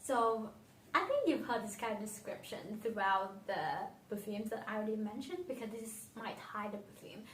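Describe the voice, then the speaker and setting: A woman's voice: mid-range voice, lively intonation, normal speed, fairly bright tone, a little hiss or hum. A young woman from Vietnam, a non-native English speaker, talking through her favourite perfumes in a dreamy, reflective way that often trails off. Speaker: beauty vlogger. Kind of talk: casual fragrance review. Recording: roomy echo, slightly distant from mic.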